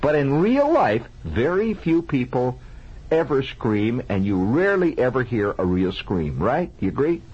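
A man's voice: medium pitch, unhurried, slightly rough. A man telling a comic childhood story on radio, chatting to listeners and making sound effects with his mouth, heard on an old lo-fi broadcast. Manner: animated, conversational, asks the audience questions, sound effects with mouth. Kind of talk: improvised comic storytelling monologue.

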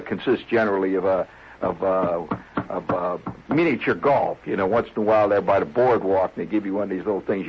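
A man's voice: on the low side, lo-fi sound, slight background noise. A man telling a rambling comic story in a folksy, digressive way. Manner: folksy, digressive, lots of "see?" and "you know". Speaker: comedian.

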